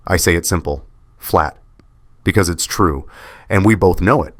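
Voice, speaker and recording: A man's voice: low voice, normal speed, a bit bright, dry recording, studio quality. A man giving scripted first-person drama narration in a heavy, wounded, bitter manner.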